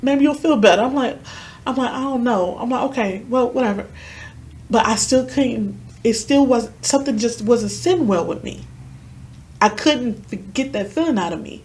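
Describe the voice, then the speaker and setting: A podcast guest with a slightly high, somewhat mellow voice tells a personal story at a moderate pace. She earnestly acts out the dialogue she's recounting, and the retelling is vivid and emotionally charged.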